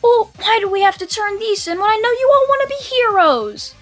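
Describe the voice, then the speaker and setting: A breezy adult male schoolteacher, put on by a young woman reading a fan story, addressing his class in a casual, upbeat way. The voice stays high, close to her own. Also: lively intonation, a little fast, a bit bright, soft background music.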